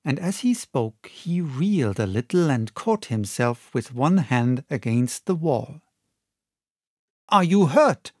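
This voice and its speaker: Male audiobook reader, slow and measured, expressive, dry close sound. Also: medium pitch, no echo. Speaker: audiobook narrator. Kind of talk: audiobook reading of a classic novel.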